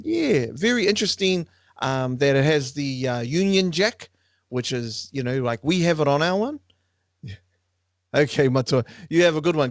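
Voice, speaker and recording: A man hosting a lively quiz for a class, playful and teasing with frequent laughter. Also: on the high side, vocal fry, no echo. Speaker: online class quiz host.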